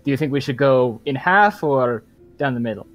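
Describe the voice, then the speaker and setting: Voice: mid-range voice, lively intonation, normal speed. A player in a tabletop game, chatting in a wry, easygoing way. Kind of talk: casual tabletop play.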